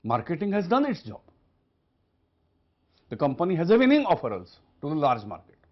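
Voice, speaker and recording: Man, lecturer, high-pitched, emphatic, repetitive, rhetorical questions, muffled lo-fi recording. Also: huge pitch swings, fairly quick. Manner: emphatic, repeats key points, asks rhetorical questions. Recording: dull lo-fi recording.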